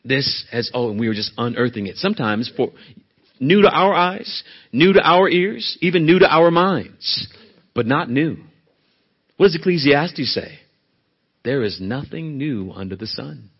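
A man's voice: mid-range voice, expressive, measured pace, breathy edge, muffled recording. A man preaching a sermon as a church elder, pressing hard on key words and then dropping to a near whisper. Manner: emphatic, rising to loud stresses then dropping to a soft hush.

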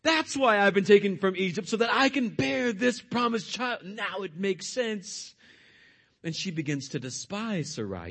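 A man's voice: sits high, lively intonation, a little slow, gravelly, a bit bright. A male pastor preaching a sermon, retelling scripture expressively.

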